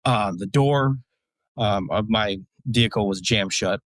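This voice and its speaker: A man's voice: on the low side, a little slow, a bit bright, no echo. Blunt, profane man telling a war story. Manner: blunt, profane, rambling with many fillers. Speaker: guest, military veteran. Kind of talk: casual storytelling.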